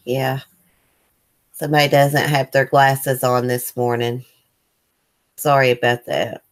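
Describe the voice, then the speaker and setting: A woman with an extremely low, level voice runs a casual morning livestream, taking her time as she reads out viewer comments. Her talk meanders loosely, full of fillers.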